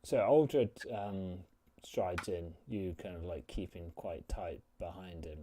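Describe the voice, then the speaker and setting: A man's voice: deep voice, slow pace, noisy background. A man narrating a tabletop game as game master, rambling with lots of fillers as he describes scenes.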